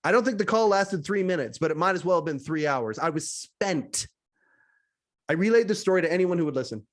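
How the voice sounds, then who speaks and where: A high-voiced man from western Canada reads his own essay aloud as a podcast host. He tells it with animated energy and drops wry asides to his listeners. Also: fairly quick. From British Columbia, Canada. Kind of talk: reading a personal essay aloud.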